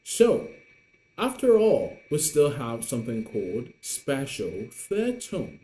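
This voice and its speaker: A man teaching Mandarin online, slowly repeating words to model the tones. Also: mid-range voice, huge pitch swings, dark tone, a little hiss or hum. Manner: slow, deliberate modelling of tones with repetitions. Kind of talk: online language lesson.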